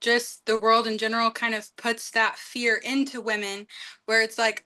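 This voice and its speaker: A woman co-host speaking earnestly and quickly in a casual discussion. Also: fairly high pitch, flat delivery, pushed and bright.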